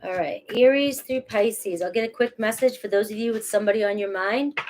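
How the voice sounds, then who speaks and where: A tarot reader gives a casual reading to camera in a mid-range, darkish voice, speaking fairly quickly over slight background noise. She is chatty and reassuring, often throws in "all right" and "okay," restarts her phrases, and laughs at herself.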